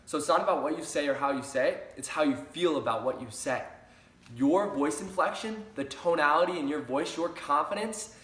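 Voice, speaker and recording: A man's voice: fairly high pitch, fairly bright tone. A young man giving an upbeat sales training talk, repeating key phrases for emphasis. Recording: roomy echo.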